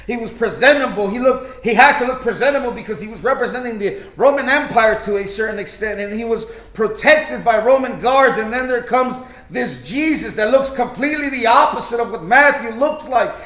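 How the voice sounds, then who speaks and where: A man's voice: extremely high pitch, fairly quick, hardly any pauses, fairly bright tone. A male pastor preaching a sermon with fervor, often restarting his sentences and acting out quoted lines. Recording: echoey room.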